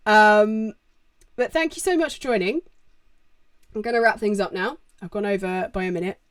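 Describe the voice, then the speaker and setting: A woman's voice: mid-range voice, normal speed, long pauses. A young woman chatting casually on a live-stream Q&A at home, rambling through viewer questions with lots of fillers into a desk microphone.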